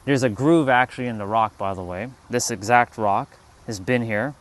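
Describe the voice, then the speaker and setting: Casting: a man streaming outdoors, casual and profane spiritual storyteller, mid-pitched voice. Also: moderate pace. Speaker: livestream host. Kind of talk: spiritual talk to a live chat. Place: outdoors, sitting on a rock.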